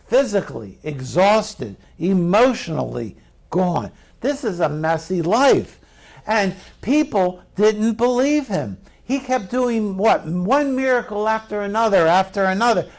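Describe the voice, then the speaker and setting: A man's voice: sits high, a little mellow. A middle-aged male pastor preaching a sermon in a conversational way, asking the congregation questions.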